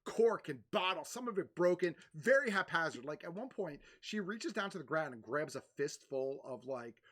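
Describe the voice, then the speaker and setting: Lively young woman game master. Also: low voice, moderate pace. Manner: descriptive, hesitant with fillers. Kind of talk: narrating a tabletop game.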